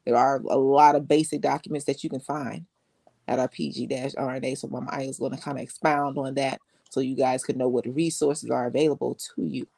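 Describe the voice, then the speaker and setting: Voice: mid-range voice, level tone, a little fast, vocal fry, warm tone, dry recording. A podcast co-host introducing the episode in a conversational way, with frequent "right?" asides. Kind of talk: casual show introduction.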